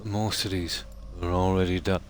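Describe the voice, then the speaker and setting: A man streaming a video game from home, chatting softly and unhurriedly with viewers about the game and his pets. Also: sits low, a little hiss or hum. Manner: soft-spoken, talks quietly so sleeping dogs stay asleep; relaxed and unhurried, with fillers. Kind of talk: casual gameplay commentary. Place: home room.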